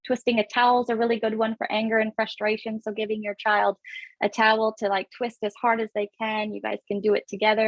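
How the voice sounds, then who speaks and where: A woman in her thirties gives a parenting webinar over a computer mic, her voice carrying a gravelly, creaky edge. She rushes along with lots of fillers in a friendly, instructive tone. The sound is dry and a little dull and lo-fi. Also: mid-range voice, no room sound. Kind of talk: casual webinar talk.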